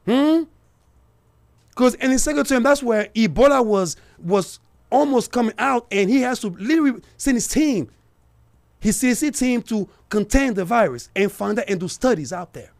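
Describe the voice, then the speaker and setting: High-voiced, gravelly ranting show host. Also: male voice, lively intonation, normal speed, a little mellow. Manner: heated and emphatic, addressing listeners directly. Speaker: radio talk show host. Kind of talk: political commentary monologue.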